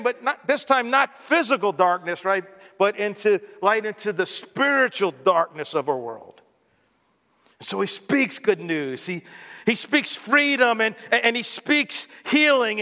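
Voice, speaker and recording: High, bright-voiced male preacher in reverberant hall. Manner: conversational preaching with audience questions. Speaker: pastor. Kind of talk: sermon.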